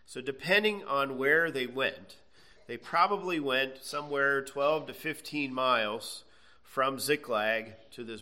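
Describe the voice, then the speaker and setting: Bright-voiced male Bible teacher. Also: medium pitch. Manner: conversational, checks in with frequent "okay"; reads scripture aloud then explains.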